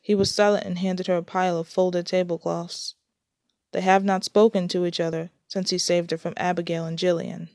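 A woman reads her story aloud in a plain, unhurried way, now and then stumbling and restarting a phrase. Her voice is fairly low. The recording is close and dry, with no room around it. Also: level tone, a little mellow, no echo.

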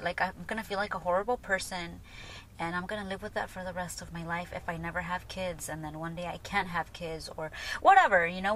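A woman's voice: on the low side, fairly bright tone, a little hiss or hum. A woman in her thirties hosting a podcast, telling a personal story in a candid, chatty way full of fillers. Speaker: podcast host.

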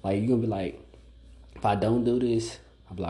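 A man's voice: mid-range voice, animated, quick pace, dark tone. A man hosting a casual solo podcast monologue, blunt and profane, filling every phrase with "like.". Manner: blunt, profane, repeats "like" constantly. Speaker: podcast host.

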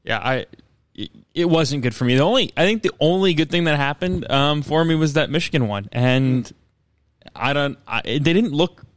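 Lively-voiced man co-hosting sports talk. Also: on the high side, normal speed, dry recording. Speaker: sports podcast co-host.

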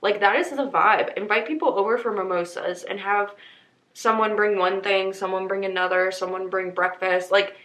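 A woman's voice: medium pitch, steady tone, normal speed, fairly bright tone. Podcast host, woman in her twenties, chatty and upbeat, mid-range voice, echoey room. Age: 20s. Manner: chatty, upbeat, talks straight to listeners. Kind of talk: casual chat.

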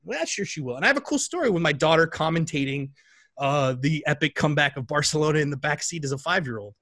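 Animated chatty man, slightly high voice. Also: quick pace. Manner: animated, chatty, many fillers. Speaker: guest telling a story. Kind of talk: casual storytelling chat.

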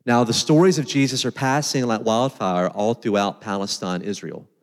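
Conversational preacher in a reverberant church. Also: male voice, fairly low pitch, moderate pace. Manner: conversational, animated preaching with asides and filler words. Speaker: pastor. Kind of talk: sermon.

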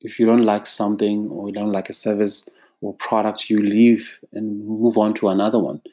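A man's voice: on the low side, mellow. A South African man, a freelance creative, speaking in an emphatic, exasperated monologue straight to camera. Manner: emphatic, exasperated, drawn-out phrasing.

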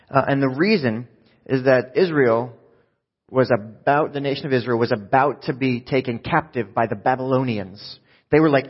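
Male pastor, chatty laid-back preaching, mid-pitched, echoey muffled hall. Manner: casual, conversational, self-deprecating. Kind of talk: sermon. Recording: dull echoey hall sound.

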